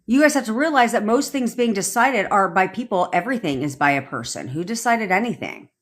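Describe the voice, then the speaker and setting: A woman's voice: medium pitch, expressive, a little fast. Blunt, profane woman ranting. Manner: repeats points for emphasis, frequent "okay?". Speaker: manifestation coach. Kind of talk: livestream rant.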